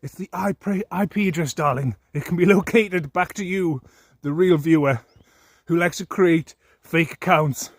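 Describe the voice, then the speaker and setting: A man's voice: a little high, normal speed, no echo. A man in an angry, profane monologue, mocking his critics and laughing at them.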